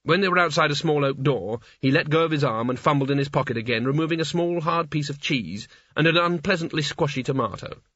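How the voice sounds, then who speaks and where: Brief: male audiobook narrator, higher-pitched, dull lo-fi sound. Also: quick pace, hardly any pauses, fairly bright tone, no room sound. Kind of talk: scripted narration.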